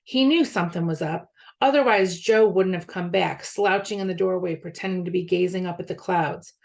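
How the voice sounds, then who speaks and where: Gravelly woman reading a storybook aloud. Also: fairly low pitch, normal speed, darkish tone. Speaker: school media specialist.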